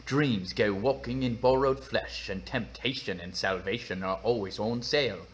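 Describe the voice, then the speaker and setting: Man doing a brooding Cockney private eye, mock London accent, slow theatrical reading, low voice, emphatic. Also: natural voice. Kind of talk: dramatic book reading in a put-on accent.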